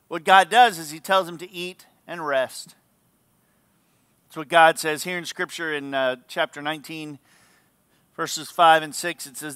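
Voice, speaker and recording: A male pastor delivers an earnest, emphatic sermon in a high, bright voice. His speech is smooth and crisp. The sound is dry, with no room echo. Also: steady tone, moderate pace.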